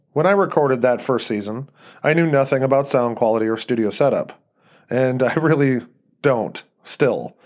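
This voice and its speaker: Podcast host narrating horror fiction, measured and even, mid-range male voice. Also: medium pitch. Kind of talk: scripted narration of a horror story.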